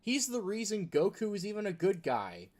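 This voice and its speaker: A man's voice: high-pitched, wildly swooping pitch, moderate pace, a little mellow. A man hosting a gaming video, talking in a rambling, casual rant full of filler words. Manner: rambling, chuckling, heavy use of filler words.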